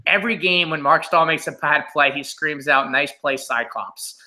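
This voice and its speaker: A man co-hosting a casual hockey podcast, ranting in an animated way and often saying "like" and "listen". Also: a little high, moderate pace, echoey room. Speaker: podcast co-host.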